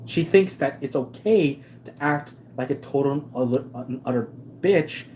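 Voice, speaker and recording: Man, stream host, casual rant, sarcastic, emphatic, restarts, warm mellow tone, faint background noise. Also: fairly high pitch, measured pace. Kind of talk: casual ranting commentary.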